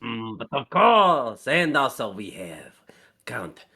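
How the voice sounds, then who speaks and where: A man in his forties hosting a podcast, animated, joking and opinionated in casual chat. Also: mid-range voice, takes it slowly, breathy edge. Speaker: podcast host.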